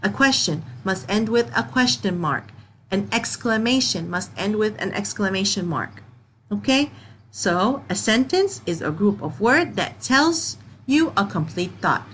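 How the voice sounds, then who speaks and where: A woman's voice: mid-range voice, a bit bright, a little hiss or hum, rough recording. A woman teaching a children's grammar lesson, patient, reading example sentences and checking in with okay.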